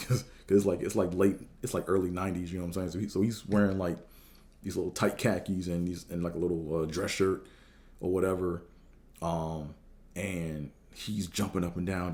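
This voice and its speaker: A man in his thirties with a low, dark voice, telling a long story casually. He rambles along with plenty of fillers and loose swearing. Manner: laid-back and rambling, with lots of fillers and swearing. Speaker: host.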